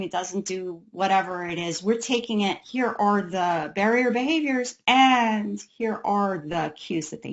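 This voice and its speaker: A woman's voice: mid-range voice, dull audio. A woman, the parent of an autistic son, giving an educational talk on autism care in a conversational way, acting out the voices of parents and kids.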